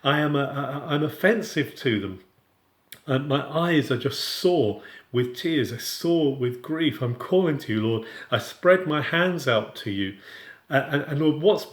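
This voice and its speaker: A man talks through a passage of scripture in an earnest, informal teaching voice. His pitch sits in a middle range. The sound carries a noticeable room echo. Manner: earnest, with frequent restarts and paraphrased quotes. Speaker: Bible teacher. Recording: roomy echo.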